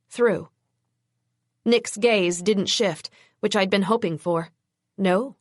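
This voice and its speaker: A woman's voice: medium pitch, no room sound, studio quality. Woman narrating a tense audiobook. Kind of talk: first-person audiobook narration.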